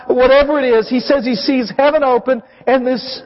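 A pastor in his thirties preaches with a notably high, light voice, pressing his listeners with emphatic questions. The sound rings with long reverb through a church hall, and the recording itself is somewhat dull and muffled. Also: a little fast, few pauses. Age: 30s. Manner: emphatic, asks the congregation questions. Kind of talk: sermon.

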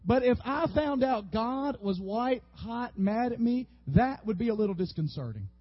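A man preaching a sermon as a pastor, lively and animated, sometimes acting out the people in the story. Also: extremely high pitch, moderate pace, no room sound. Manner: animated, acts out biblical figures with rising voice. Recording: dull, slightly lo-fi audio.

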